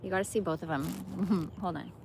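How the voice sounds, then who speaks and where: A woman's voice: fairly low pitch, moderate pace, vocal fry, a little mellow. Casting note: woman in her 40s, loose rambling vlogger, profane slang, noisy outdoor phone audio. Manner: rambling, slangy, profane, says bro often. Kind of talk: casual vlog chat. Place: outdoors in a park.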